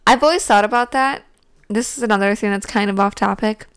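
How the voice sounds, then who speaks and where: A woman's voice: mid-range voice, normal speed, clear, resonant tone, no echo, clean studio sound. A young woman co-hosting a casual true-crime podcast, thinking aloud with many fillers. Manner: musing, talks through thoughts with fillers. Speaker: podcast co-host.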